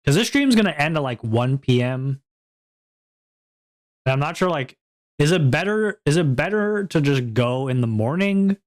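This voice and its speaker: A man's voice: on the high side, animated, normal speed. A young man chatting casually on his stream, rambling and self-deprecating with lots of fillers.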